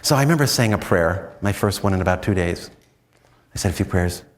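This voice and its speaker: An American man, a priest, telling stories in a chatty, self-mocking retreat talk full of "you know"s, and often breaking into animated high swoops. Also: fairly quick, long reverb tail. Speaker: priest giving a spiritual talk.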